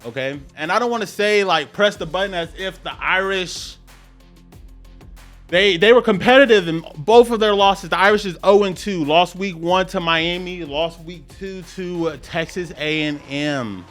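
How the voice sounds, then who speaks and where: New orleans guy rambling about football on his podcast, kinda high voice, repeats stuff, little music under him. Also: normal speed. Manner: rambling, repeats phrases, animated outbursts. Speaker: podcast host. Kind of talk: casual sports talk.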